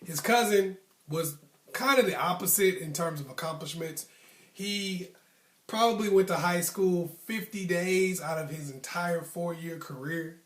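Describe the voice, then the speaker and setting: A man's voice: sits high, a little slow, recorded from a distance. Chatty man telling a story, echoey room. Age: adult, past his youth. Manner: conversational, many ums and likes, acts out friends' tough talk. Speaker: storyteller, channel host. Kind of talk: casual personal storytelling.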